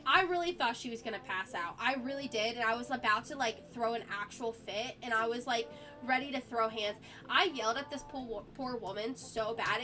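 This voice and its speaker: High-pitched woman streamer rambling through a story, sick and coughing, lots of likes. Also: pushed and bright. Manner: chatty and exasperated, lots of "like" fillers. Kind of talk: casual chat, storytelling.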